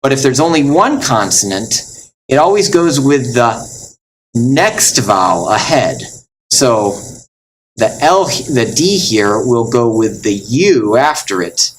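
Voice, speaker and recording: Male Latin teacher, unhurried and patient; enjoys the material, sounds words out carefully. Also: mid-range voice, sing-song, slight background noise, low-quality recording. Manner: patient, explains step by step and sounds words out slowly; mildly enthusiastic, calls things neat. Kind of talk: recorded classroom lesson.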